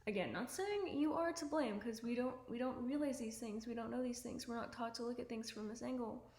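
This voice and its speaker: A woman with a fairly high, brisk voice and a darkish tone talks to the camera at home, offering self-improvement advice. She's earnest and chatty, sprinkling in plenty of "like" and "um." The indoor room sounds echoey, with faint ambient noise behind her.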